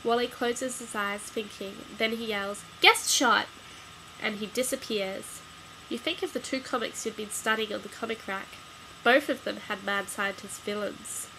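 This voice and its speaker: A woman reading a children's gamebook aloud as a storyteller, giving the dialogue lively emphasis. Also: medium pitch, moderate pace, a little hiss or hum, low-quality recording.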